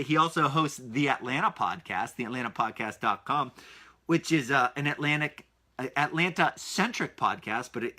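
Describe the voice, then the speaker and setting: A male podcast host talks through his weekly recap with punchy energy, hammering his points by repeating them. His voice sits a little high for a man and rings bright and forceful. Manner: energetic, emphatic, repeats key phrases.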